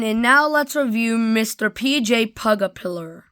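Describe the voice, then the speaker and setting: A woman's voice: fairly high pitch, a little slow, hardly any pauses, a bit bright, clear, resonant tone. A woman casually reviewing toys in a rambling, offhand way, full of fillers. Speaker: toy reviewer. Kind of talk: casual product review vlog.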